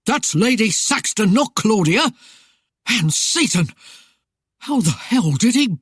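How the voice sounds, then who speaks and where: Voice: mid-range voice, big pitch swings, slow pace, breathy edge, no echo, clean studio sound, voice pushed up, exaggerated voice. The narrator of a storybook voicing a furious male outlaw leader who bellows orders at his men.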